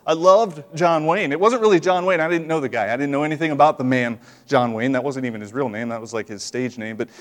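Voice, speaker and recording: A man's voice: fairly high pitch, big-room sound. A middle-aged man preaching a sermon in a conversational, folksy way, often checking in with the congregation. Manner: conversational, folksy, with frequent "right?" asides.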